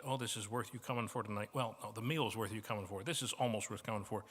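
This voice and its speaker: A man with a Midwestern American accent preaching a sermon as guest preacher, telling stories and moving between soft asides and emphatic points. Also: medium pitch, expressive, fairly quick. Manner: storytelling with shifts from soft to emphatic. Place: church banquet hall. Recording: reverberant banquet hall.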